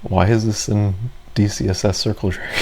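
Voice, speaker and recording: A man's voice: on the low side, background noise. A man giving casual, rambling commentary over his own gameplay, self-deprecating and full of fillers. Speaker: gaming video creator.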